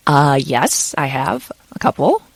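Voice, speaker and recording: A woman's voice: low-pitched, slightly rough, no room sound. A woman who narrates audiobooks, chatting loosely in an interview with lots of fillers like "kind of" and "you know". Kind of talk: casual interview answers.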